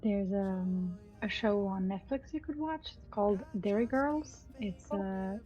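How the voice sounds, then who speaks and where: A woman with a Scottish accent chatting casually on a game stream, relaxed and hesitant with many pauses. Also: mid-range voice, dull audio, faint music behind.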